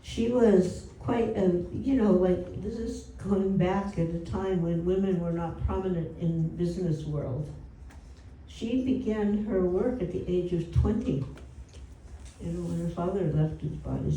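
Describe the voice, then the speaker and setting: A woman's voice: on the low side, mellow, a little hiss or hum. A woman telling a story at a devotional home program, in a conversational way with lots of "you know" asides. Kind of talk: storytelling talk. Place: indoor gathering room. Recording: roomy and distant from the mic.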